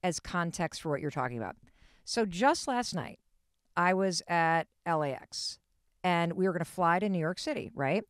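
A woman in her fifties hosts a podcast and tells a story with lively energy before pressing her guest with questions. Her voice is smooth and clear, a little lower than most women's. The recording is close and dry. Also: normal speed, dry recording. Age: 50s. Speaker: podcast host. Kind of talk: conversational interview.

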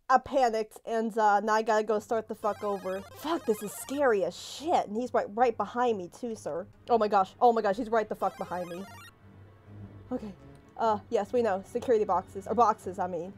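A young woman playing a horror game, panicking, swearing and yelping as something chases her, then talking herself calm. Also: mid-range voice, moderate pace. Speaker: gaming streamer. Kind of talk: let's play commentary. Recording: faint game music behind.

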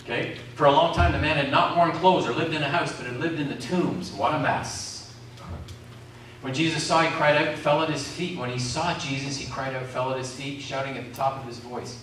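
A man's voice: mid-range voice, fairly even intonation, brisk, a bit bright, a little hiss or hum. A man preaching a sermon, calling out questions to the congregation. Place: community centre hall. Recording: echoey hall from far off.

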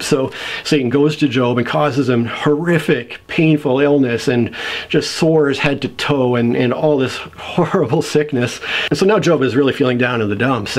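Middle-aged guy chatting through a book review, animated, playful retelling. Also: medium pitch. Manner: animated storyteller, retells scenes with playful voices and laughs. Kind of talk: casual spoken book review.

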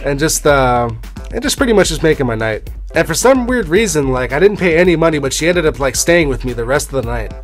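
A man's voice: on the high side, expressive, a little fast, faint music behind. A young man telling a personal story in a rambling, offhand way, with the odd swear word. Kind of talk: casual storytelling.

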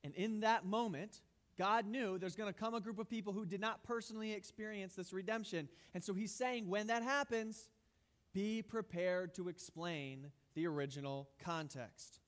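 A man's voice: sits high, normal speed, big-room sound. A male pastor giving a sermon in a conversational, emphatic way with light humor.

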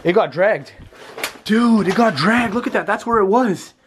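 A man's voice: high voice, animated, moderate pace, a crowd in the background. Jittery young man vlogging a ghost hunt. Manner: jittery, talks straight to viewers, repeats himself. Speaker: vlogger host. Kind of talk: nervous ghost-hunt vlog narration. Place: inside a run-down house basement.

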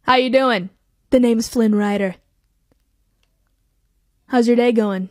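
A woman's voice: fairly high pitch, slow pace, no room sound, clean studio sound, voice pushed down. A woman doing a cocky young male thief. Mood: smug.

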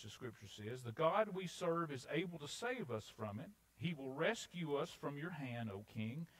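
Animated preacher delivering a sermon. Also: male voice, mid-range voice, moderate pace, low-quality recording. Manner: animated, dramatic scripture reading. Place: church sanctuary.

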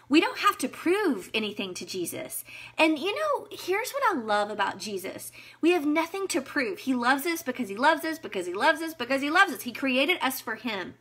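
A woman's voice: high voice, bright, forceful tone, breathy edge. A woman in her thirties leading a women's Bible study, talking earnestly and conversationally while answering viewers by name. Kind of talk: live-streamed devotional talk.

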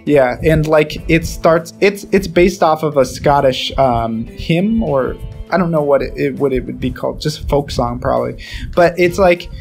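Young man, casual podcast chat, rambling and scatting, slightly high voice, faint music behind. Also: moderate pace, gravelly, darkish tone. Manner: rambling, scatting melodies as he talks. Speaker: podcast co-host.

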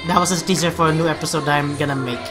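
A woman hosting a casual reaction video, excitable and swearing freely. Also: low-pitched, rapid-fire, music in the background.

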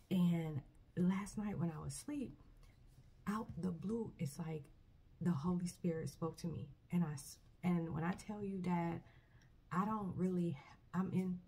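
A woman talking casually to camera about her faith. She speaks earnestly and haltingly, starting sentences over often. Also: deep voice, vocal fry, breathy edge. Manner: earnest, halting, soft-spoken with many restarts. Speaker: vlogger. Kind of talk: personal faith testimony, casual talk.

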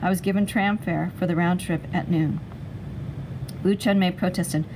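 A woman narrating a chapter book aloud in a steady, expressive storytelling voice. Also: on the low side, normal speed, a little hiss or hum, low-quality recording. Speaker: reader.

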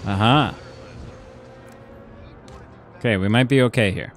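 A man's voice: fairly low pitch, a little slow. A young man giving casual, jokey commentary while playing a video game, talking to himself as he goes. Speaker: gaming YouTuber. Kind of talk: casual let's play commentary.

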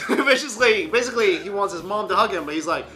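Lively bright-voiced male show host. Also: high-pitched, fast talker, faint music behind. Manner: animated, retells with acted quotes and laughs. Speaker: co-host of a news commentary show. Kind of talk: casual commentary chat.

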